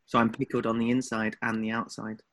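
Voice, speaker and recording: A man's voice: medium pitch, flat delivery, a little fast, fairly bright tone. A man with an Essex accent co-hosting a podcast in casual chat, teasing and protesting dramatically. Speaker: podcast co-host.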